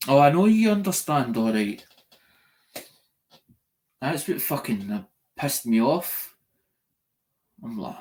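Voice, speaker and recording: A man's voice: medium pitch, animated, slow, pauses often, darkish tone. A man ranting in a live-stream monologue, swearing a lot, repeating himself and restarting his sentences. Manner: sweary, repetitive, restarts often.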